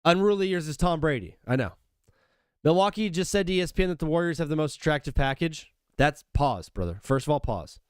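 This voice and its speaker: A man's voice: on the high side, animated, fairly quick, smooth, no echo, clean studio sound. A young man hosting a live sports talk stream, talking casually and animatedly, often calling people brother and dude. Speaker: sports talk show host.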